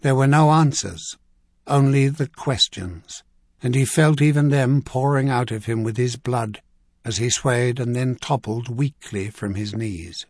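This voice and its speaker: A man reading a fantasy audiobook as narrator, in steady scripted narration. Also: mid-range voice, measured pace, dry recording, clean studio sound.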